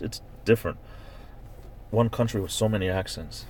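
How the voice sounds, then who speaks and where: A man with a Northeastern US accent, edging toward New York, chats loosely on a live stream and reads viewer comments aloud. His voice sits very low. He talks from inside a parked car. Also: normal speed, pauses often, a little mellow, a little hiss or hum. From Northeastern United States. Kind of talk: casual live stream chat.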